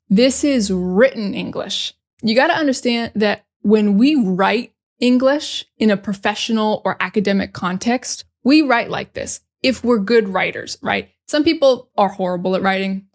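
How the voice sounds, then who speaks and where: A woman teaching English in a casual online lesson, speaking frankly and emphatically with strong opinions. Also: medium pitch.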